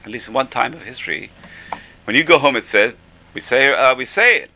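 A man's voice: mid-range voice, lively intonation, brisk, gravelly, pushed and bright, rough recording. A man teaching an informal religious class, enthusiastic and repeating how amazing things are. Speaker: Torah teacher.

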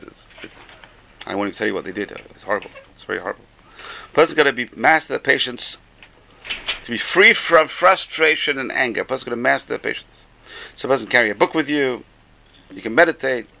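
A man's voice: mid-range voice, gravelly, sharp tone, rough recording. A man, teaching a Torah class, who repeats key phrases for emphasis and tells jokes along the way. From England.

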